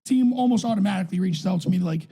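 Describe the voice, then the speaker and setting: Chatting casually, a man in his thirties from New England, who coaches youth football and co-hosts a podcast, tells wandering stories full of profanity, his voice higher than his build suggests. His pace is racing and his tone mellow.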